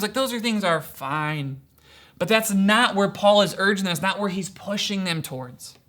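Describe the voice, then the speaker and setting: A man's voice: sits high, bright, forceful tone. A man preaching as a pastor in an earnest, conversational sermon, often asking rhetorical questions and using casual fillers. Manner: casual fillers like "kinda" and "right?".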